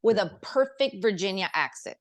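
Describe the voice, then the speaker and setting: A woman's voice: mid-range voice, animated, moderate pace. A woman from Canada chatting as a guest on a podcast, bubbly and laughing often. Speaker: guest singer and dancer. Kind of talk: casual interview chat.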